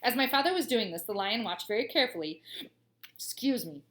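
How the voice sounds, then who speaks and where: A woman, a teacher, reading a children's storybook aloud with expressive voices and gushing asides. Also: a little high, fairly quick.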